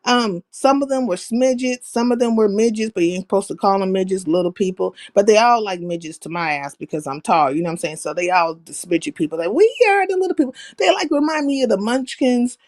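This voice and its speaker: A woman hosting a livestream, telling profane stories in a brash, animated, slangy way. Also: mid-range voice, a little fast, few pauses, no room sound. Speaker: livestream host. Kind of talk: casual profane storytelling chat.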